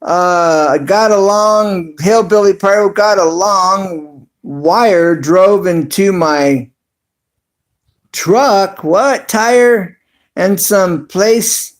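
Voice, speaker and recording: A man hosting a casual livestream, reading viewer comments aloud with lots of fillers and little chuckles. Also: sits high. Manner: reads chat aloud haltingly with many fillers and chuckles. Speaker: livestream host.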